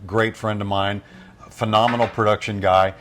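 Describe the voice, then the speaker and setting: A man's voice: fairly low pitch, little pitch movement, normal speed, a bit bright, a little hiss or hum. A middle-aged man from Louisiana, a radio voice-over artist, telling stories casually in an interview with frequent restarts. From Louisiana, USA. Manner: chatty, rambling with frequent restarts.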